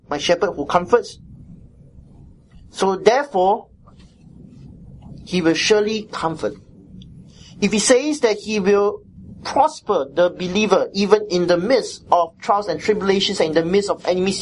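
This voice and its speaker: A woman's voice: medium pitch, darkish tone, slight background noise. A woman preaching a sermon as she teaches a Bible passage, with emphatic repetition and frequent "right?" checks to her listeners.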